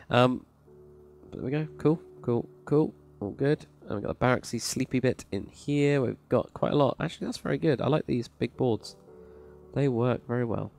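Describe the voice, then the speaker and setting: A man's voice: mid-range voice, vocal fry, darkish tone. A man giving casual, enthusiastic, rambling commentary while touring a game build. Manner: enthusiastic, rambling, praises freely. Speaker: Minecraft server plot reviewer. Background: faint background music.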